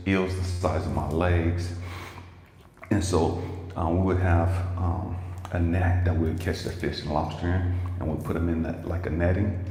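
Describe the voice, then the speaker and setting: Deep-voiced man telling a story in an echoey room. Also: darkish tone. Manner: emphatic, casual, swears freely, talks straight to viewers. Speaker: life coach and motivational speaker. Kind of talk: livestreamed motivational storytelling. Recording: echoey room with long reverb and faint noise.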